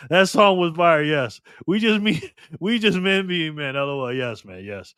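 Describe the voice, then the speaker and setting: A man's voice: a little high, animated, measured pace, a bit bright, clean tone, dry recording, studio quality. A man hosting a casual live stream, laughing often and bantering with his chat as he reads their comments.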